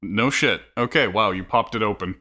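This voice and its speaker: A man's voice: lowish voice, moderate pace, pushed and bright. A man narrating and ruling as game master in a casual tabletop game, often repeating himself.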